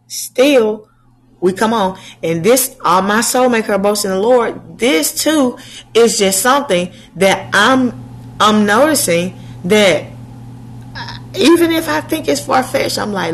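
A woman preaching a slow sermon to her channel's viewers, asking rhetorical questions and answering them. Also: fairly high pitch, lively intonation, slight background noise, low-quality recording.

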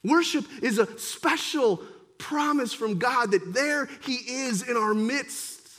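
Pastor guy preaching, really high voice, swoops between loud punchy bits and hushed ones. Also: slow. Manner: animated preaching, swings between forceful emphasis and quiet intensity. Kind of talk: sermon.

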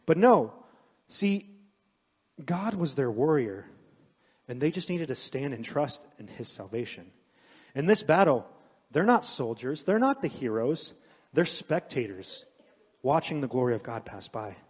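A man preaching a sermon, mixing scripture with animated personal stories. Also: mid-range voice, a little slow, pauses often, breathy edge. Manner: storytelling, animated asides. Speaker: pastor. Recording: long hall reverb.

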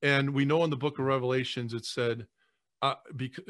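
A man, a priest, speaking earnestly on a podcast, often halting and repeating words as he chokes back tears. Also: medium pitch, fairly even intonation, fairly bright tone, no room sound, studio quality. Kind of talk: emotional podcast conversation.

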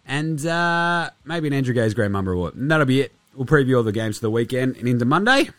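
A man's voice: medium pitch, animated, fast, fairly bright tone, no echo, soft background music. Nasal Australian man hosting a podcast. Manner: jokey, rambling, self-mocking. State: under the weather, nasally. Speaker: podcast host. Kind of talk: casual chat. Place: podcast studio.

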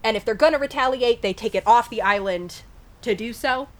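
A woman's voice: on the high side, a little fast. Woman running a tabletop game, easygoing, lots of ums. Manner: relaxed, rambling with fillers. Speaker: game master.

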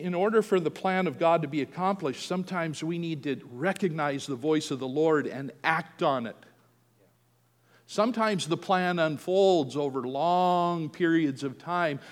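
A man's voice: fairly high pitch, long reverb tail. A man preaching a sermon, telling a family story and acting out the quoted voices. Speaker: pastor.

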